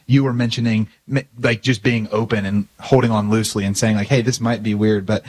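A man's voice: fairly low pitch, fairly even intonation, fairly quick. A man hosting a faith podcast, affirming his guest and asking reflective follow-up questions. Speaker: podcast host. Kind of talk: casual faith conversation.

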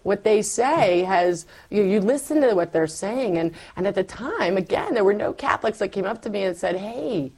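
A middle-aged woman telling her faith story in a candid, animated conversation, acting out her past self as she goes. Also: mid-range voice, moderate pace, few pauses, breathy edge.

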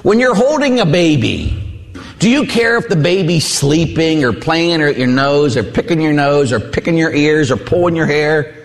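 A male priest giving a sermon with personal stories, an animated storyteller who acts out voices. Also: fairly high pitch, moderate pace, gravelly. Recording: long hall reverb.

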